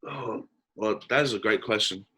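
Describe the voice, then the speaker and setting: A man's voice: lowish voice, moderate pace, bright, forceful tone, slightly rough. A man in his twenties with an Australian accent, a guest on a podcast who tells stories in an easygoing way with lots of fillers. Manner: easygoing storytelling with frequent "like" fillers. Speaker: basketball player, podcast guest. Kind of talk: casual interview chat.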